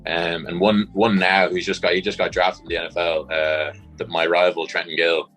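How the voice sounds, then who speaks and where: A man's voice: sits low, level tone, moderate pace, fairly bright tone, faint music behind, rough recording. A young Irish man from Dublin with a Dublin accent, chatting casually as an interview guest, rambling with lots of fillers. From Ireland. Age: young adult. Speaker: guest, college punter.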